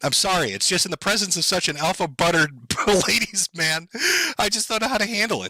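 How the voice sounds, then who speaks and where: A man's voice: high-pitched, big pitch swings, quick pace, bright, forceful tone, no echo, rough recording. A man live-streaming sarcastic, profane commentary, mocking and sardonic as he reacts to clips.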